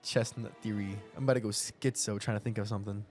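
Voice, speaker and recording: A man hosting an anime reaction, excitable, swearing and talking to his chat. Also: lowish voice, quick pace, soft background music.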